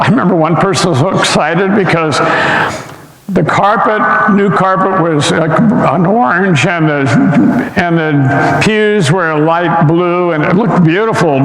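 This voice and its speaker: Older guy preaching slow, kinda high voice, lots of uh and restarts, big echoey church sound. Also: fairly bright tone. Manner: rambling, anecdotal, with many fillers and restarts. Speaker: pastor. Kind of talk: sermon with personal stories. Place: church sanctuary. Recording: echoey church sanctuary with long reverb.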